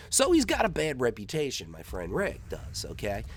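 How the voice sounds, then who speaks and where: A man's voice: medium pitch, wildly swooping pitch, normal speed, hardly any pauses, slight background noise. A man doing gameplay commentary, telling a long rambling joke and acting out the characters in raised voices.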